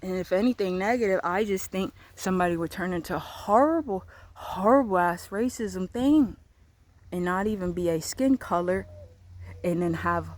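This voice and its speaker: A woman vlogging in a rambling monologue, repeating herself and swearing as her thoughts wander. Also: lowish voice. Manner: rambling, repetitive, profane, loose trains of thought.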